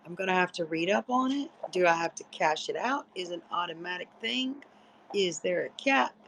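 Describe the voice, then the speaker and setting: Tired, chatty woman with a gravelly edge, loose profane late-night stream talk. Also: on the low side, animated, moderate pace, a bit bright, slight background noise, low-quality recording. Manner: chatty, rambling, salty and profane. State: sleepy, yawning. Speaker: livestreamer. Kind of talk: casual late-night livestream chat.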